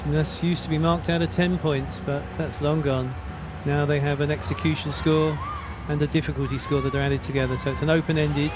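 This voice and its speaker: Flat-toned male expert commentator. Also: a little high, fast talker, few pauses, music in the background. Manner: explains technique in a steady, informed way. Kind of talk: sports commentary.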